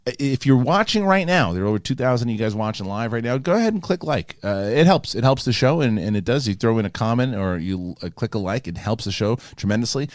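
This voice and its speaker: A man's voice: medium pitch, lively intonation, fast, few pauses, no echo, clean studio sound. A man hosting a live podcast in casual chat, a chatty, rambling storyteller who often restarts his sentences. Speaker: podcast host.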